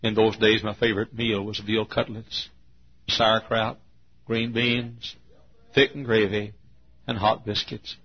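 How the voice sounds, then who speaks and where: A man in his fifties from Texas preaching a sermon, telling a long personal story in an earnest, drawn-out way. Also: fairly low pitch, little pitch movement, husky. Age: 50s. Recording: dull lo-fi sermon recording.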